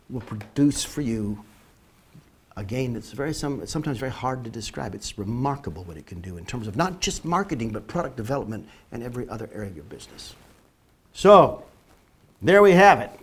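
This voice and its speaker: A man lecturing on marketing to online viewers, emphatic and slowing down to stress key words. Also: mid-range voice. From northern Canada. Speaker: marketing educator. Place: Florida, near the beach.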